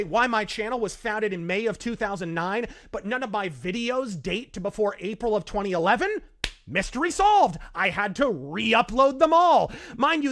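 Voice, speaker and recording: A man's voice: high-pitched, fairly bright tone. A man delivering scripted, sardonic commentary with wordy, theatrical phrasing. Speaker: online commentator in a played video.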